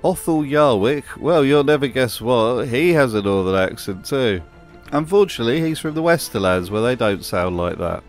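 A man's voice: medium pitch, lively intonation, normal speed, faint music behind. A man narrating a wry commentary voice-over in a dry, sardonic manner. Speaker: video narrator.

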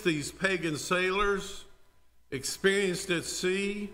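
A man's voice: fairly high pitch, pushed and bright. A male pastor preaching a sermon in a church worship service, telling the story dramatically and speaking directly to the congregation.

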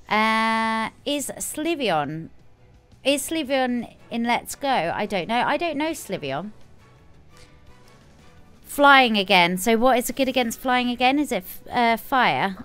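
A woman game streamer talks casually as she plays, breaking into sudden excited squeals. Her voice sits high and sounds smooth and clean. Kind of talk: casual live gameplay commentary.

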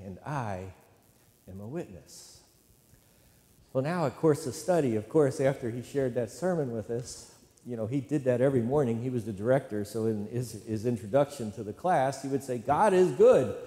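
A male pastor gives a sermon in a mellow, warm voice with a middle pitch. He speaks conversationally, leads call-and-response with the congregation and keeps asking "right?". The sound carries a long reverb, as in a church sanctuary.

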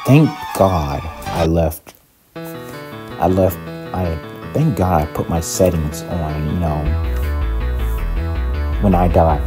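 Young dude yelling and panicking through his game, deep mellow voice, quiet music behind. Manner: excitable, panicky, talks to viewers. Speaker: gaming YouTuber. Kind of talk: casual Minecraft let's play commentary.

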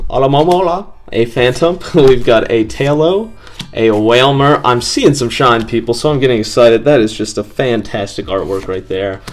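Excited man opening trading cards. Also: medium pitch. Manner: excited, upbeat, addresses viewers. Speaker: card-opening video host. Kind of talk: casual chat to viewers.

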